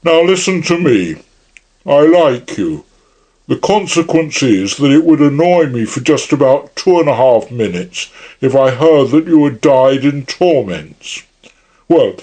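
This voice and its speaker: A man's voice: mid-range voice, a little mellow, voice pushed up. A man voicing a huge male anarchist chief who is genial yet menacing, speaking in a grand, mock-friendly way.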